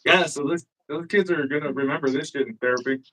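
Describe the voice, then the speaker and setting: A man's voice: on the high side, fast talker, rough recording. A man telling a story as a guest in a casual chat, swearing freely and acting out what people said. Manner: profane, animated, acts out quotes. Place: live-streamed show.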